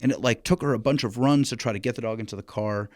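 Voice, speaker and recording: Animated, swearing dog-trainer guest. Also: male voice, medium pitch, fast talker, no echo, studio quality. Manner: animated storyteller, swears freely, frequent restarts. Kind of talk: casual podcast conversation.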